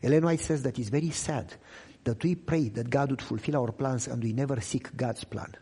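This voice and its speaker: A young man who speaks English as a second language, preaching an emotional sermon testimony and swinging from loud cries to hushed low lines. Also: normal speed, slightly rough. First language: not English. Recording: echoey hall reverb.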